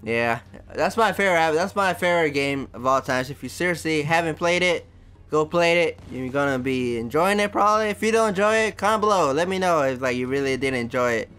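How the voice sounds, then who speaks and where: A man's voice: a little high, expressive, a little fast, a bit bright, clear, resonant tone. A man casually talking over his gameplay footage. He rambles loosely and fills his speech with "like" and "basically". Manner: rambling, full of fillers like "basically" and "like". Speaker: gameplay video host.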